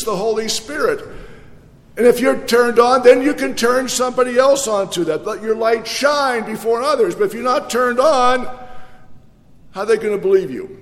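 A man with a high voice preaches in a church, and the words ring out in a long hall reverb. He tells jokes and acts out the people in them, then moves into lively preaching. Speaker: pastor. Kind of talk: sermon with jokes.

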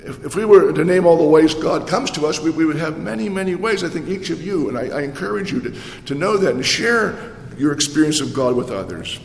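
A man's voice: a little high, animated, fairly quick, gravelly, a little hiss or hum. A male pastor giving a sermon in a conversational way, with rhetorical questions and many restarts. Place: church. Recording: echoey church hall with long reverb.

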